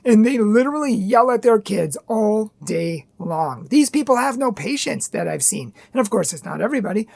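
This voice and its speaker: Husky, earnest woman giving parenting advice. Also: medium pitch, animated, moderate pace, hardly any pauses, a little mellow. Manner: earnest, emphatic, repetitive lists. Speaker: parenting and faith video host. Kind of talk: direct-to-camera advice monologue.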